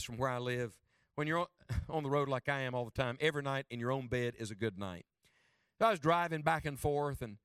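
A man preaching a sermon as a traveling preacher, dropping low and soft for quotes and rising high for emphasis. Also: smooth, no room sound, studio quality, far from the mic.

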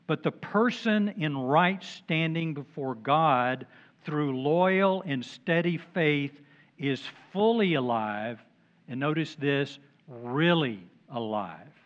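A man's voice: fairly high pitch, slow pace, highs cut off. An older man preaching a sermon as pastor, conversational and dropping joking asides.

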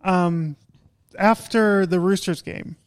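A man co-hosting a podcast, relaxed and wry as he retells a movie's plot in casual chat. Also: sits high, slow, clean tone. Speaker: podcast co-host.

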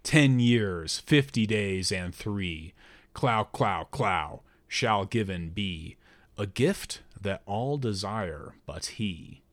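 A man voicing a young female prophetess who chants verses slowly and solemnly in the voice of a god, in an audiobook. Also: on the low side, lively intonation, no room sound. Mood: ominous. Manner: slow, solemn incantation.

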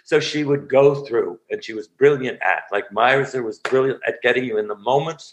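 A man who works as an actor and acting teacher, reminiscing in an interview as an animated storyteller with frequent restarts and asides. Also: mid-range voice, a little fast, rough recording.

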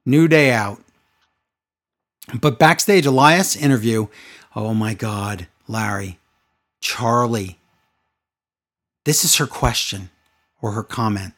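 A man's voice: mid-range voice, slow, pauses often, a bit bright. A man co-hosting a casual podcast chat, ranting with sarcastic exasperation. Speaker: podcast co-host recapping wrestling.

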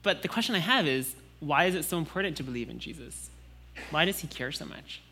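Bright-voiced young man preaching a sermon. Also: fairly high pitch, lively intonation, a little fast. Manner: conversational, with frequent "like" and restarts.

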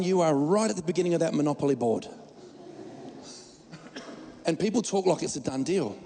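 Gravelly high-voiced preacher. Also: male voice, a little mellow, big-room sound. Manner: joking, emphatic preaching with restarts. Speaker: pastor. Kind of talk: sermon.

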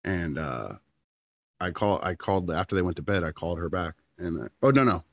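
A man's voice: low voice, animated, fairly quick, lo-fi sound. A man in his thirties, a podcast co-host, telling a long story in casual chat and acting out the quotes.

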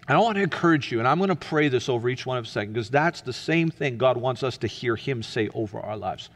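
A man preaching a sermon as pastor, earnest and emphatic, then dropping to a soft, hushed delivery. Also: medium pitch, animated, brisk, big-room sound.

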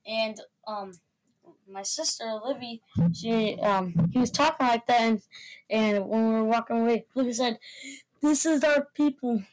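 A woman's voice: on the high side, steady tone, normal speed, a little hiss or hum, rough recording. A young girl, the host's child, telling a family story with lots of fillers and giggles.

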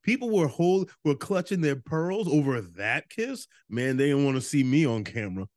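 A man's voice: a little high, moderate pace, dry recording, clean studio sound. A man co-hosting a casual movie-review podcast, telling stories with energy, doing voices and swearing freely. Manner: animated storyteller, does voices, swears freely. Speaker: podcast co-host.

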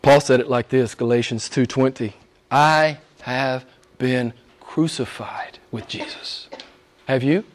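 A man preaching a sermon, rising to loud, high emphatic peaks and dropping to hushed near-whispers, with rhetorical questions and repetition. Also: fairly even intonation, slow pace. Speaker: pastor.

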